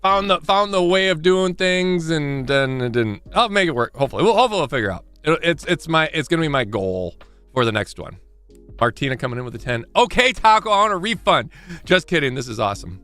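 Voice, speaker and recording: Guy streaming live, rambly and self-deprecating, pitch jumps all over, bright voice, faint music behind. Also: fast, clear, resonant tone. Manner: rambling, self-deprecating, excitable, frequent restarts. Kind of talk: casual live-stream chat.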